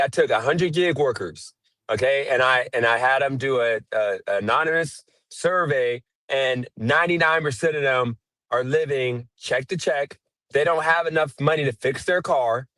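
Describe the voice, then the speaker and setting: A man's voice: on the high side, fairly bright tone, dry recording. A man arguing as a guest on a live stream, defensive and rambling but earnest. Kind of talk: heated livestream argument.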